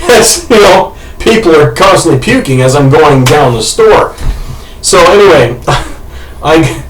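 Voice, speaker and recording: A man co-hosting a podcast, telling a comic story casually with loud shouted impressions, swearing and laughter. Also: a little high, lively intonation, a little slow. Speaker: podcast co-host. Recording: roomy, distant, noisy home mic.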